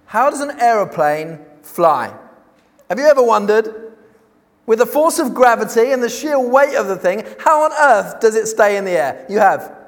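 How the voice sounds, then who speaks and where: A man preaching a sermon, emphatic, posing rhetorical questions and slowing down on key words. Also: high voice. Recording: long reverb of a large hall.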